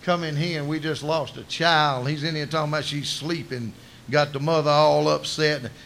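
A man's voice: on the high side, steady tone, normal speed, gravelly, fairly bright tone, a little hiss or hum. A man acting out a scornful mourner who mocks a preacher in a derisive, colloquial way.

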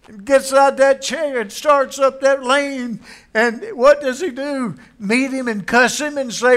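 A man's voice: very high voice, a little slow, fairly bright tone. A man preaching a sermon, telling a story in a folksy way and acting out its characters. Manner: folksy, acts out voices in the story.

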